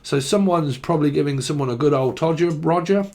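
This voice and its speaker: A man with a slightly high voice gives a loose, chatty tarot reading straight to camera. He rambles and jokes from one thought to the next. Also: brisk, a little mellow. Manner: playful, rambling, jokey. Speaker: tarot reader.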